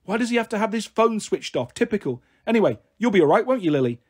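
A man voicing a flighty young mother, breezy and coaxing, in a husky, higher voice. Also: big pitch swings, fast, full character voice.

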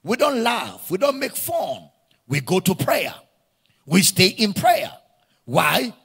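In a church hall full of reverb, a pastor with a Nigerian English accent preaches slowly, his high voice swinging hugely in pitch with vocal fry, a bit of brightness, and a breathy edge. He repeats key phrases and draws call-and-response from the congregation.

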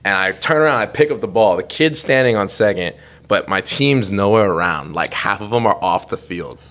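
A man's voice: on the low side, lively intonation, normal speed, a bit bright. A young man in his twenties, co-hosting a podcast, telling a rambling, self-deprecating story in a casual chat and laughing through it. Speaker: podcast co-host.

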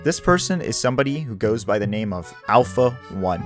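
A man's voice: on the low side, very animated, a little fast, soft background music. A man giving casual, wry narration over his gameplay as a gaming YouTuber. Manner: wry, laid-back storytelling.

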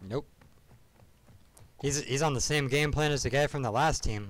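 A young man streaming a shooter game, commenting casually with lots of swearing and excited outbursts. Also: mid-range voice, moderate pace, slight background noise. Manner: profane, excitable, frequent loud outbursts.

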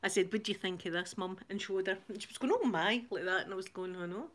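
A woman's voice: medium pitch, level tone, fast, fairly bright tone. A middle-aged woman from Glasgow with a Glaswegian accent, chatting casually on a live stream, reading out viewer comments and laughing often between lines. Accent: Glaswegian Scottish. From Glasgow, Scotland.

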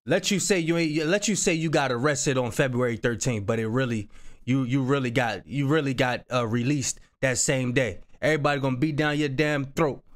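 A man giving casual reaction commentary, slangy and animated, often repeating his phrases. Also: mid-range voice, a little fast. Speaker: reaction streamer.

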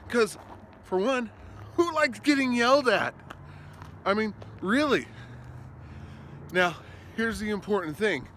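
A man vlogging while he walks outdoors, his bright voice rising and falling in a lively sweep, leaning hard into some words and dropping soft and slow for others. Faint street noise runs behind him. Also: sits high. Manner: animated, swings between loud emphasis and soft slow asides. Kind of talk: walking vlog, casual advice talk. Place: outdoors on a walk, street traffic nearby.

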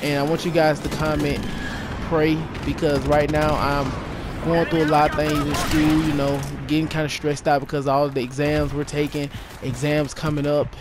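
A man telling a story to his viewers in a casual vlog, animated and rambling, repeating himself and tossing in "yo". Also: fairly high pitch, normal speed. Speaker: YouTuber. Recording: noisy with game gunfire behind.

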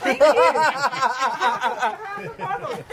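A woman voicing a shrill, nagging family woman in a comedy sketch, shouting and mocking in broken English. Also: very animated, very slow, over a noisy crowd, heavy background noise, full character voice.

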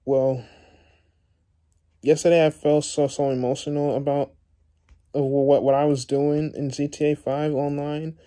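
A young man vlogging to his viewers, tearful and halting, repeating words and restarting often. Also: fairly high pitch, little pitch movement, mellow. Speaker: YouTuber. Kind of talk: emotional vlog talk to viewers.

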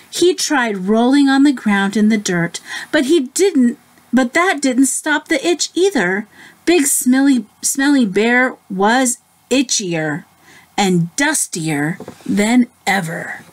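A woman teacher reading a picture book aloud to children, gently stopping to ask them questions. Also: on the high side, lively intonation. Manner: slow, gentle, asks the listeners questions. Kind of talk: children's story read-aloud.

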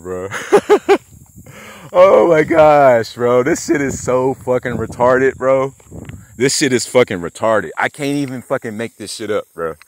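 Man, deep-ish voice, outdoor vlog rant, swears a lot, taunting and laughing, dry close sound. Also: no echo. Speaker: vlogger.

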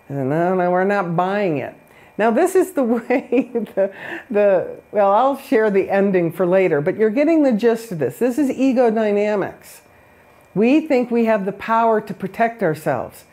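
A woman's voice: medium pitch, very animated, normal speed, warm tone. A woman on a spiritual talk show who tells a fairy-tale parable in a chatty, self-deprecating way and laughs often. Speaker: guest.

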